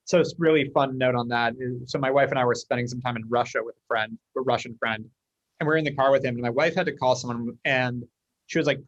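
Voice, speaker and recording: A man from the United States, a guest in a casual interview, telling stories quickly and acting out the dialogue. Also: mid-range voice, dry recording, dull audio. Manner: fast, animated storyteller acting out dialogue. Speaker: guest, company leader.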